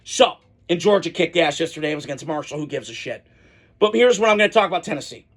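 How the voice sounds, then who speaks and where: Hosting a college football podcast alone, a man with a slightly high, animated voice talks at a quick pace. His commentary is casual and opinionated, full of rambling asides and frequent restarts.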